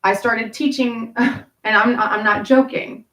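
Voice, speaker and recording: A woman's voice: fairly high pitch, steady tone, takes it slowly, fairly bright tone. Woman, tangential, profane, restarts a lot, echoing room, distant mic. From Appalachian Kentucky. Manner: tangential, profane, self-interrupting. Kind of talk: rambling storytelling. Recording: roomy, from far off.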